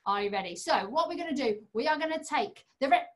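A woman's voice: sits high, animated, quick pace. A young woman hosting an online children's magic show, talking playfully and coaxingly to young kids and a puppet.

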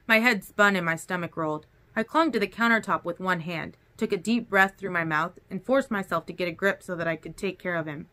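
A woman reading a first-person novel aloud as an audiobook, in an expressive, even-paced way. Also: lowish voice, fairly quick, few pauses. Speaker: audiobook reader.

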